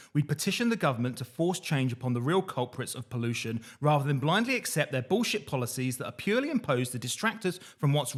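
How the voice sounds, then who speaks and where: Man reading diaries deadpan. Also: on the high side. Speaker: podcast host reading diaries. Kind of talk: casual chat and diary reading.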